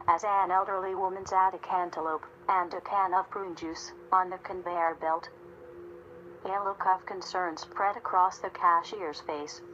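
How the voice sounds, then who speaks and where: A woman reading a story aloud in a steady, measured narration. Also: lowish voice, lo-fi sound, a little hiss or hum. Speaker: audiobook narrator. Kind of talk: scripted narration.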